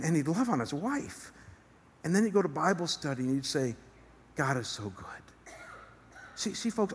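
Man preaching in a reverberant hall. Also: fairly high pitch. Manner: earnest preaching with rising emphasis. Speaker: pastor. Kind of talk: sermon. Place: church stage. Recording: long reverb of a large hall.

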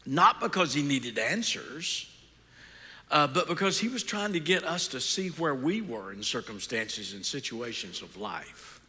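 A man's voice: mid-range voice, big pitch swings, measured pace, sharp tone. A middle-aged man preaching as a guest speaker in a church, folksy and joking, putting questions to his listeners. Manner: folksy, joking asides, asks the audience questions. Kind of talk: sermon. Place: large church sanctuary. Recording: long hall reverb.

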